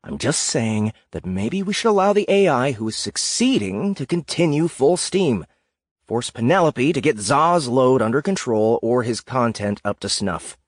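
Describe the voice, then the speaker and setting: A man's voice: medium pitch, big pitch swings, normal speed, no room sound, clean studio sound. A woman doing a frustrated game developer man. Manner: earnest, pushing back.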